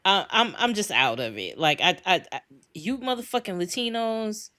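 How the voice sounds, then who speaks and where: A woman's voice: medium pitch, expressive, moderate pace, bright, forceful tone. A middle-aged woman co-hosting a podcast, ranting angrily and with heavy profanity. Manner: angry, profane, emphatic. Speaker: podcast co-host. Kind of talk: heated podcast rant.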